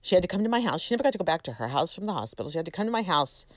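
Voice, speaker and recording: A woman's voice: lowish voice, big pitch swings, rapid-fire, no room sound. A middle-aged woman hosting her own podcast, talking in a chatty, self-deprecating, rambling way with many restarts. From California. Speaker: podcast host. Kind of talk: casual solo podcast monologue.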